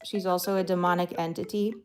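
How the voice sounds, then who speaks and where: A woman's voice: fairly low pitch, flat delivery, fast, darkish tone, smooth, soft background music. A woman speaking on a livestream, defiant and unapologetic about what she said. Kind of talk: livestream commentary.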